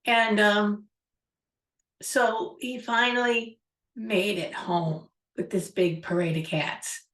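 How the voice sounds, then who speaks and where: A woman's voice: medium pitch, fairly even intonation, slow pace, fairly bright tone. Woman host, reflective storytelling, roomy echo, set back from the mic. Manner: musing, reflective, rambling. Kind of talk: storytelling on a talk show. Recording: echoey room, far from mic.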